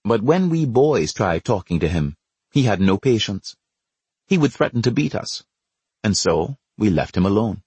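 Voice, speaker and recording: A man narrating an audiobook in a measured storytelling way. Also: fairly low pitch, sing-song, a little mellow, breathy edge, no room sound.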